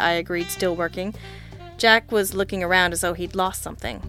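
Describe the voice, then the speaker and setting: A woman's voice: fairly low pitch, brisk, bright, forceful tone, soft background music. A woman narrating a first-person audiobook with a wry, understated delivery.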